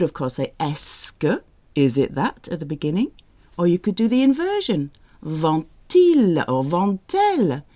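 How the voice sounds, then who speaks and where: A woman teaching French, sounding out each example sentence slowly so learners can repeat it. Her voice sits a little low and mellow, with lively rises and falls, especially on questions. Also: dry recording. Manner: slow, careful model pronunciation with questioning rises. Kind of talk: language lesson with slow example sentences.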